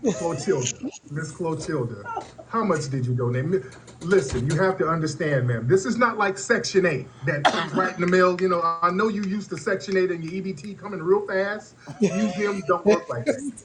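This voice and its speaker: A man's voice: high-pitched, moderate pace, noisy background. A man hosting a live stream and roasting a caller, teasing her and repeating "ma'am" in a mocking way. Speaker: host.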